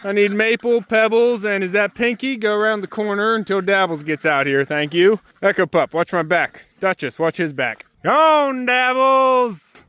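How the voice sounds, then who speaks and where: A man's voice: high-pitched, steady tone, normal speed, few pauses, fairly bright tone, smooth, dry recording. A man narrating a casual homestead vlog outdoors in the snow, talking to his animals in a fond sing-song voice. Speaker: homesteader vlogger. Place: outdoors on a snowy farm.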